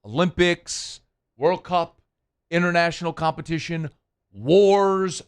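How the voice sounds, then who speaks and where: Speaking slowly into a studio microphone, a man with a smooth, slightly high voice hosts a sports radio show. He chats casually in a rambling, playful, self-deprecating way.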